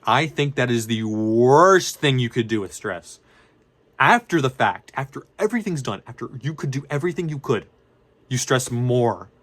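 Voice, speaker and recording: A man's voice: mid-range voice, lively intonation, normal speed, fairly bright tone. A young man, a student vlogger, talks casually and unscripted, rambling and correcting himself as he goes. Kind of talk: casual unscripted talk to camera.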